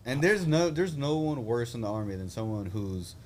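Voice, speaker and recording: A man's voice: mid-range voice, lively intonation, moderate pace, a little mellow, slight background noise. A young man, an Army veteran hosting a casual chat, telling blunt, profane stories with a laugh. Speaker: podcast host, Army veteran.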